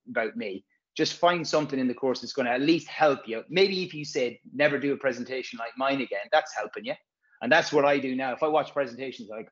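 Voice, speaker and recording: A man's voice: mid-range voice, dull audio. A man, a physio course presenter, chatting casually and frankly, rambling and swearing freely. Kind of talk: casual podcast chat.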